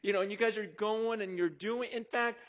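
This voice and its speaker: A man preaching a sermon to his congregation, telling personal stories in an animated, conversational way with frequent asides. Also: high-pitched, fairly quick. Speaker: pastor. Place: church auditorium before a congregation.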